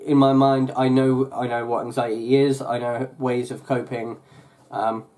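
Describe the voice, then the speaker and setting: A man's voice: medium pitch, flat delivery, a little slow, darkish tone. Rambling young man chatting on a vlog. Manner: rambling, full of fillers and restarts. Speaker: YouTuber. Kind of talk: casual vlog chat.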